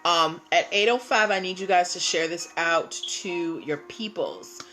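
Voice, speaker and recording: Slow-talking chatty woman livestream host. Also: fairly low pitch, fairly bright tone, soft background music. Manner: chatty, greets viewers by name. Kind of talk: casual live-stream chat.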